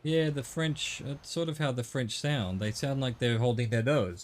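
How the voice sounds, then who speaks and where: A middle-aged Australian man speaks in a mid-range voice at normal speed with few pauses. He's streaming a game and chatting casually, rambling and correcting himself as he goes.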